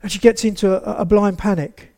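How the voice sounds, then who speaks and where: A man with a high, brisk voice preaches a sermon in a church. He speaks straight to the congregation, animatedly acting out quotes and little scenes along the way.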